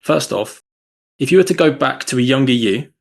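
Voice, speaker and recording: A man hosting a podcast interview, asking questions and summing up in a measured, appreciative way. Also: mid-range voice, animated, vocal fry. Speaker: podcast host.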